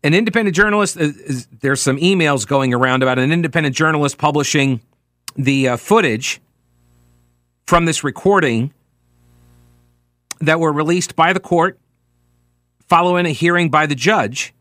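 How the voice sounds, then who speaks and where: A man's voice: fairly high pitch, normal speed, long pauses, fairly bright tone, no room sound. A male talk radio host giving a chatty, sardonic monologue from a radio studio, with lots of fillers. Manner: conversational and sardonic, with frequent fillers.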